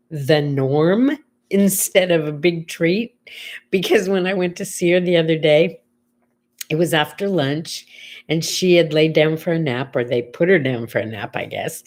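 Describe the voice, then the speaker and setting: Here the older woman's voice sits on the low side and sounds a little mellow. She's hosting an easygoing morning chat show, telling stories conversationally and quoting the people in them.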